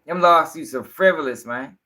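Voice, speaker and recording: A man's voice: a little high, normal speed, bright, forceful tone. A young man giving rambling, profane casual commentary on a livestream.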